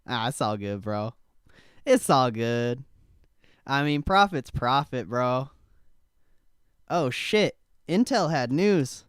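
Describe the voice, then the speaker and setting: Brief: young male stream host, casual and profane, unhurried, dry close mic. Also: medium pitch, animated, smooth, no room sound. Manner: laid-back, swears casually, laughs often, talks to chat. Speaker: stock trading livestream host. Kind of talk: casual live-stream chat.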